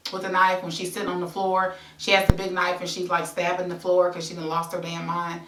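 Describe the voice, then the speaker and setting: A woman's voice: on the low side, monotone, a little fast, roomy sound, distant mic, noisy background. A woman reading her own memoir aloud as a present-tense story, breaking off into conversational asides. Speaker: memoir author and host.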